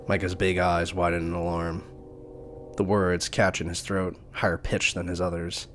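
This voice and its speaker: A man's voice: sits low, monotone, normal speed, a bit bright, slight background noise. A man reading a visual novel aloud, narrating the story in a casual way. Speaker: let's play narrator.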